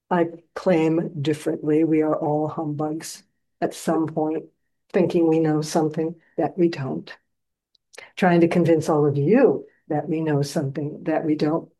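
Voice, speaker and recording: A woman's voice: deep voice, dark tone, rough recording. A woman who teaches meditation, giving a dharma talk with playful storytelling in which she acts out scenes.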